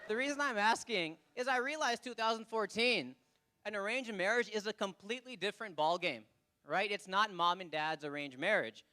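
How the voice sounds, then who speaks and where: High-voiced Indian man doing stand-up. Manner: animated, acts out characters with quick voice shifts. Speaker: stand-up comedian. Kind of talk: stand-up comedy set. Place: comedy stage before a live audience.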